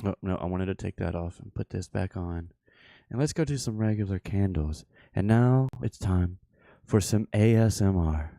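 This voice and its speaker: A man's voice: low voice, normal speed, gravelly, dark tone, no echo, clean studio sound. A man from the American South hosting a casual livestream, joking and laughing often. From Southern United States. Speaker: livestream host.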